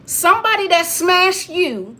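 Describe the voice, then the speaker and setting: A woman's voice: very high-pitched, sing-song, a little slow, bright, forceful tone. A woman giving a preachy straight-talk monologue, lecturing listeners with emphatic repetition.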